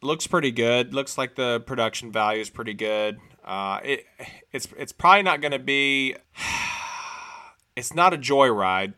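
A man's voice: mid-range voice, a little slow, bright, forceful tone, clean tone. A man co-hosting a casual movie chat, talking in a loose, rambling way. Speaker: podcast co-host.

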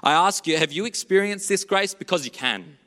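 A man preaching a sermon in a church, earnest and storytelling, moving between hushed and animated delivery. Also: high-pitched, a little fast, long reverb tail.

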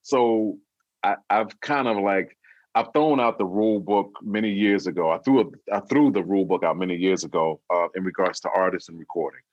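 A man's voice: low-pitched, moderate pace, dry recording, lo-fi sound. A man, a recording musician, chatting casually as an interview guest, telling stories with lots of laughter and mock voices. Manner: laughs often, animated storytelling with mock voices.

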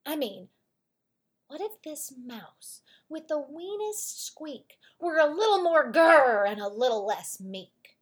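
A woman voicing a small, timid but hopeful boy mouse in a storybook reading, squeaky, eager and nervous. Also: sing-song, slow, full character voice. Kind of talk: storybook read-aloud.

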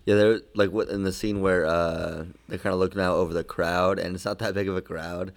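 A man's voice: low voice, flat delivery, a little fast. A man co-hosting a casual film chat, easygoing with lots of filler words.

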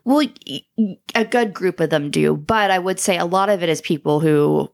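A woman's voice: lowish voice, moderate pace, vocal fry. A woman co-hosting a casual podcast chat, telling stories with lots of filler words and frequent laughter. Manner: giggly storyteller, many "like" fillers. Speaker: podcast co-host.

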